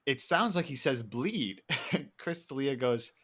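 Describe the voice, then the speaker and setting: A man's voice: mid-range voice, animated, slow pace, a bit bright, husky. A young man co-hosting a podcast, telling rambling stories in casual chat, laughing often and swearing freely. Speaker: podcast co-host.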